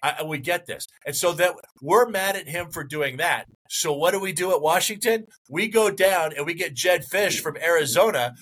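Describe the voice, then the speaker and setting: A man's voice: on the high side, fairly bright tone, slightly rough, poor audio. A man co-hosting a sports podcast, rambling in casual chat and working himself into mock outrage. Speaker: podcast co-host.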